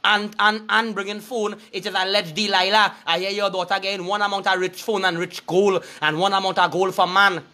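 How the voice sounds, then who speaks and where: A man's voice: high voice, level tone, fairly quick, few pauses, bright, forceful tone. A man with a Trinidadian accent delivering an angry, cursing, threatening street rant to his viewers. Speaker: online commentator.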